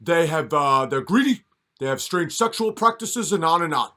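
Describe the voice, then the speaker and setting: A man's voice: a little high, expressive, normal speed, pushed and bright, voice pushed up. A man doing a mocking impression of a preachy, creepy old male politician lecturing children in a sing-song voice.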